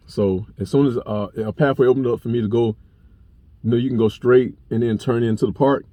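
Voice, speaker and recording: A man's voice: medium pitch, brisk, no echo, lo-fi sound. Young man telling a story bluntly. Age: young adult. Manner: blunt, profane, animated retelling. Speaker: vlogger. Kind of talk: casual storytelling to camera.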